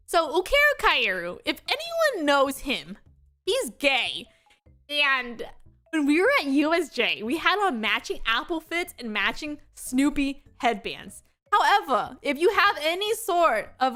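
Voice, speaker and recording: A young woman VTuber chatting casually on stream, telling stories in an animated way with lots of laughter. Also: sits high. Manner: animated storytelling with frequent laughter.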